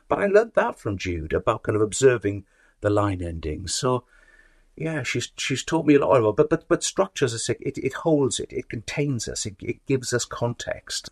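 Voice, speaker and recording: A man's voice: medium pitch, breathy edge. A man speaking as an interview guest, thoughtful, often restarting and repeating words as he reaches for ideas. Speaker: actor and author, guest. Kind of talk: conversational interview.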